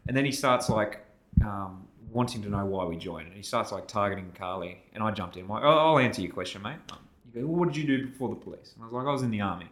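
A man's voice: lowish voice, fast talker, slight background noise. An Australian man in his thirties co-hosting a podcast, telling a story in casual chat and acting out the other people in it. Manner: animated, acts out both sides of the story with raised voice. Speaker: podcast co-host.

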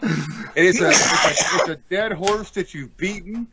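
A man's voice: high voice, a little slow, very noisy. A man appearing as a podcast guest, teasing the hosts and telling stories with plenty of swearing. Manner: teasing, profane, storytelling. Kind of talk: casual podcast banter.

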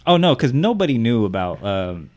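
A man's voice: medium pitch, sing-song, moderate pace, darkish tone. A man in his thirties telling a story in casual chat, acting out quotes and swearing freely. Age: 30s. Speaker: podcast co-host.

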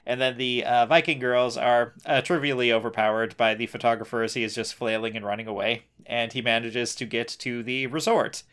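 A man's voice: medium pitch, fairly even intonation, a little fast, hardly any pauses, fairly bright tone, smooth. Sarcastic man riffing on a show. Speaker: podcast co-host. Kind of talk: casual recap chat.

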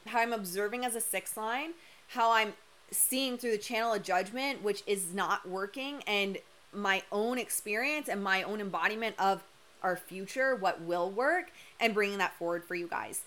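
A young human design coach gives a candid, emphatic live-stream talk with casual swearing. Her voice is mid-range and a bit bright but slightly worn, since she's losing it.

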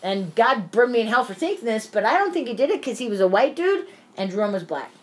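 A woman's voice: a little high, big pitch swings, fast talker, a little hiss or hum. Rambling, profane woman telling a story. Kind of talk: casual chat.

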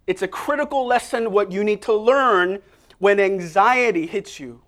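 A man preaching an energetic sermon, prompting listeners to repeat phrases to each other. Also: sits high, unhurried. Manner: energetic, call-and-response prompts to the congregation.

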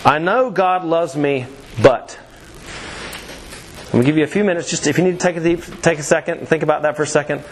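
A man's voice: fairly high pitch, fairly even intonation, very fast, few pauses, a little hiss or hum. A man teaching a church youth class in a casual way, with lots of fillers, restarts and easy laughs. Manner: chatty, many fillers and restarts, laughs easily.

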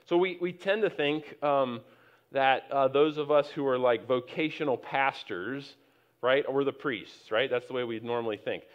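At normal speed and medium pitch, a middle-aged man preaches as pastor, weaving anecdotes in a chatty style. He restarts frequently as his emphasis rises toward strong points, captured on a somewhat dull, lo-fi recording.

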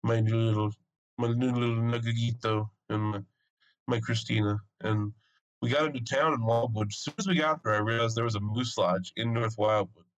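Animated young man telling a story. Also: medium pitch, moderate pace, rough recording. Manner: animated, swearing, laughs often. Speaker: podcast co-host. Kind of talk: casual storytelling chat.

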